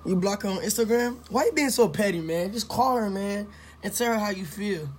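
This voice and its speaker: A woman's voice: mid-range voice, lively intonation, fairly quick, slightly rough. A woman chatting casually on a phone livestream at home, teasing and playfully consoling someone. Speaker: vlogger. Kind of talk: casual live-stream chat. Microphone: phone camera.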